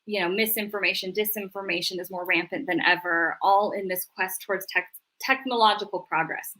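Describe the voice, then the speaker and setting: Middle-aged woman therapist guest, lively and animated, crisp bright sound. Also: medium pitch, brisk. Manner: animated, acts out voices in quotes. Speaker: marriage and family therapist. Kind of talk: casual interview chat.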